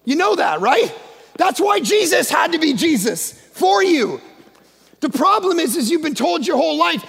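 A male guest pastor preaching a sermon in a church, emphatic and often shouting. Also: extremely high pitch, big pitch swings, normal speed, creaky. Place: church sanctuary. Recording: long echo of a large church hall.

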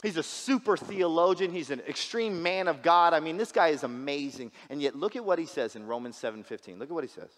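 A man's voice: on the high side, animated, brisk, few pauses, a bit bright, in a large hall. A man preaching a sermon as a guest pastor, casual and joking, often repeating words as he restarts. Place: church sanctuary.

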